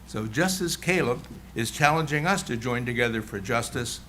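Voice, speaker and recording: A man introducing the choir's song during a church service, in a relaxed, explanatory way. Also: mid-range voice, normal speed, slight background noise. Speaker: worship leader. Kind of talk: service announcements. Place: church sanctuary.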